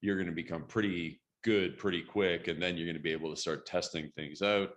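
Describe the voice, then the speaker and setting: Male interview host, very low voice, conversational, quick to affirm. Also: steady tone, muffled recording.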